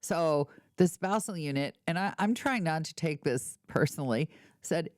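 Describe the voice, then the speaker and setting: Low-voiced woman telling wry stories. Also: animated, a little slow, a little mellow, no room sound, clean studio sound. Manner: wry storytelling with playful mock indignation. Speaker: podcast host. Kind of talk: casual chat.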